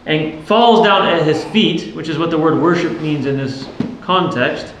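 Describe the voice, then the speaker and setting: A man preaches as a priest in a church, speaking a little slowly in a fairly high, fairly bright voice. His tone is earnest and he explains carefully, often asking the congregation questions. The recording is very echoey, with faint noise.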